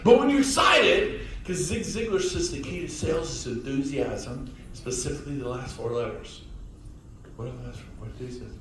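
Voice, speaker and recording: A man gives a lively motivational talk to a room of listeners, now and then acting out other people in loud mocking voices. He sounds far from the microphone, and his voice rings in a very echoey room. A faint hum of room noise sits underneath. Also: fairly high pitch, normal speed. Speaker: real estate speaker. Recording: echoey room heard from a distance.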